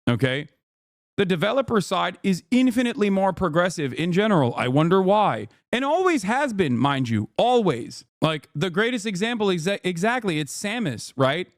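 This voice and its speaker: A man's voice: fairly high pitch, no room sound, clean studio sound. A man streaming a reaction video, ranting casually and emphatically, swearing often and checking in with "okay?". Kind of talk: casual profane rant.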